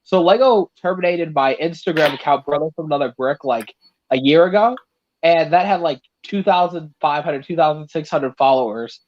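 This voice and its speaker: A man's voice: fairly high pitch, normal speed, no room sound. Rambling young man on a muffled call. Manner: rambling, self-mocking, animated storytelling. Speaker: guest on a live stream. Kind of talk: casual chat.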